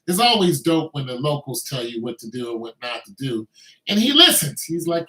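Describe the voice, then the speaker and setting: Veteran guy vlogging, slightly high voice, easygoing rambling delivery, echoey room. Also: lively intonation, brisk, sharp tone. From Braddock, Pennsylvania. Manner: loose, conversational, heavy on filler phrases. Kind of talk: casual commentary monologue.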